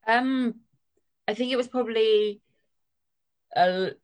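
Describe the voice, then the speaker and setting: A woman's voice: a little high, slow pace. A young woman sharing her own experience, hesitant, with many fillers and "like". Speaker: patient guest. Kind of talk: personal account.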